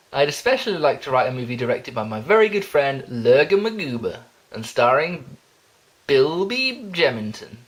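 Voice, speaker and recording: A young man reading a jokey self-introduction, rambling and giggling, with deadpan asides. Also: fairly high pitch. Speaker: vlogger.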